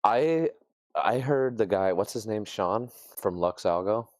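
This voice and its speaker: A man's voice: fairly low pitch, expressive, measured pace, no room sound. A man talking trading charts in a loose, rambling casual chat. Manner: rambling, loose, uses hunting analogies. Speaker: trader.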